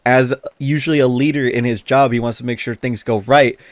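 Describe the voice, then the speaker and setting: A man co-hosting a podcast, telling a story in casual chat, animated, laughing as he talks and swearing often. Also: medium pitch, brisk, no room sound. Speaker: podcast co-host.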